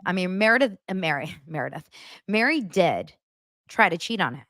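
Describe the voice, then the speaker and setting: A woman hosting a podcast, recapping reality TV in a blunt, animated and profane way. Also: fairly low pitch, normal speed, no room sound, studio quality. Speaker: podcast host.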